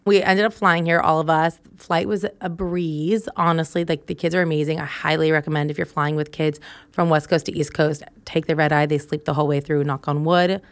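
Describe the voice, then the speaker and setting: A woman's voice: low-pitched, no echo. A young woman hosting a solo podcast, telling a story in a chatty way and laughing often. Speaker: podcast host.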